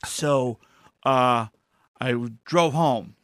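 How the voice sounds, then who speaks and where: A man's voice: medium pitch, very slow, a bit bright, no room sound, clean studio sound. A man telling a funny personal story in a casual podcast chat, acting out his own quotes.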